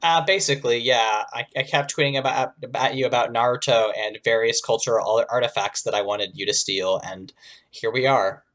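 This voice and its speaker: Man co-host, mid-pitched voice, rambling, filler-heavy, profane, laughing podcast chat. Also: a little fast, a bit bright. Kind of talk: casual chat.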